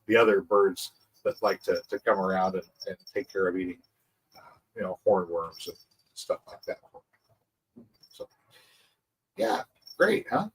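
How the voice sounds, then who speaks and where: A man's voice: fairly low pitch, slightly rough, recorded from a distance, low-quality recording. A man hosting a farming channel, explaining his methods in a rambling casual way, repeating words and chuckling. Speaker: agroforestry channel host.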